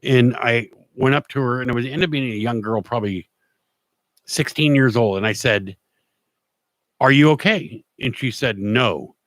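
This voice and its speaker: A man's voice: mid-range voice, normal speed, a bit bright, dry recording. Plain-spoken man telling a story. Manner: rambling, restarts often, plain-spoken. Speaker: show host. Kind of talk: casual storytelling monologue.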